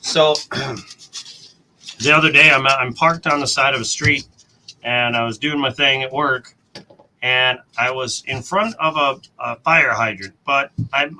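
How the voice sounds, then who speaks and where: An American man in casual chat, telling a story in an animated way and acting out the quotes. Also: medium pitch, poor audio. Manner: animated storyteller, acts out quotes, mild cursing dodges. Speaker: coin roll hunting host.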